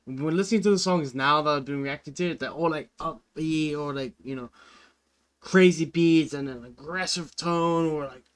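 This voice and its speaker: A young-sounding man with a fairly high, smooth, clean voice talks through a song reaction. He rambles in an earnest, easygoing way and keeps filling gaps with "like" and "you know". It sounds like an informal video rather than a script. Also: normal speed. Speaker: music reaction video host. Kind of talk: casual reaction commentary.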